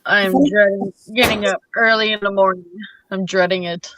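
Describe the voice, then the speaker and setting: A woman's voice: medium pitch, fairly even intonation, normal speed, noisy background. A woman with a Southern US accent chatting casually, easygoing and playfully pushing back. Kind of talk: casual chat. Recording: dull lo-fi sound.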